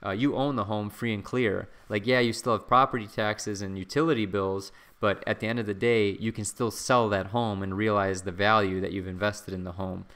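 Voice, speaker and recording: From his home, a man hosts a casual stock-market livestream, chatting relaxedly with fillers and frequent asides to his viewers. His voice is lowish, at normal speed with hardly any pauses.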